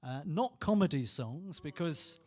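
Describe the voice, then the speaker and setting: A man's voice: on the high side, animated, measured pace, darkish tone. A man, a musician and entertainer, chatting between songs with a dry, self-mocking manner on a small theatre stage. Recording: live hall with long reverb.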